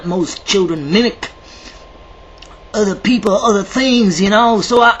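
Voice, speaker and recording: A man's voice: on the high side, pushed and bright, a little hiss or hum, poor audio. A man vlogging to camera in a rambling, chatty way, theatrical and self-described as dramatic. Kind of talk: rambling casual monologue to camera.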